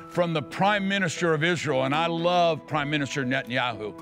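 A man's voice: on the high side, lively intonation, normal speed, few pauses, fairly bright tone, soft background music. A man pastor preaching fervently on a televised sermon and leading a prayer.

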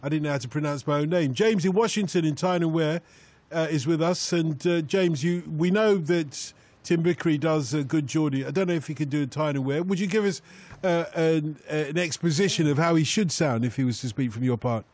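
A man's voice: a little high, a little fast, darkish tone, no echo. A man hosting a radio phone-in, chatty and laughing easily as he talks over his guests. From grew up in Britain. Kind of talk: casual radio phone-in chat. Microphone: studio microphone.

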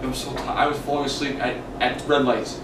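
A man talking with his family at home as the father, lecturing in a stern, quick way. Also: mid-range voice, little pitch movement. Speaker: father, husband. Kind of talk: casual family talk. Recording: home video with loud background noise.

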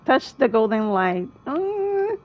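A woman streaming a video game, reacting excitedly to boss fights and chatting to her viewers. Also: high-pitched, slow, narrow, tinny audio. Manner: excitable, exclaims often, thanks viewers. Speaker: gaming streamer. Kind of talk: live gameplay commentary.

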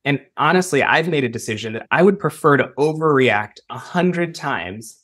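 A man from the United States answering interview questions as an emergency preparedness expert, measured with emphatic bursts. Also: medium pitch, expressive, fairly bright tone.

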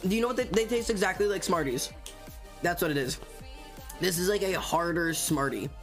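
Excitable, stammering streamer. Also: medium pitch, a little fast, faint music behind. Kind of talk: casual livestream chat.

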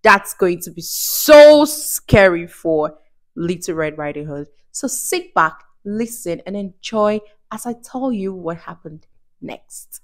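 A woman reading a storybook aloud for children, her pitch swooping up and down with lively expression. She takes the story at an unhurried pace, lingering over each phrase. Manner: slow, expressive and warmly animated.

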